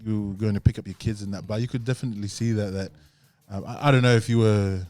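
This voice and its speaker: A man's voice: fairly low pitch, fairly even intonation, fast, a little mellow, no room sound. A man hosting a podcast, chatting casually with many fillers and laughs as he tells a story. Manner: rambling, laughing, full of fillers. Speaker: podcast host. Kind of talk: casual chat. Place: podcast studio.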